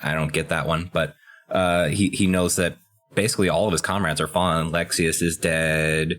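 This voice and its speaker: A man co-hosting a podcast, chatting casually about a video game and getting excited about key story moments. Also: moderate pace. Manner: excitable, pitch jumps high when enthused. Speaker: podcast co-host.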